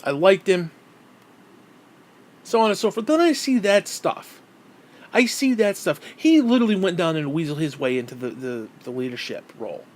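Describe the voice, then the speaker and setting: A man with a slightly higher-than-usual voice vents in a hostile, profanity-laden rant. He talks straight to the camera with raw, unpolished anger. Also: lively intonation, moderate pace. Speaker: vlogger. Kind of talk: angry personal rant.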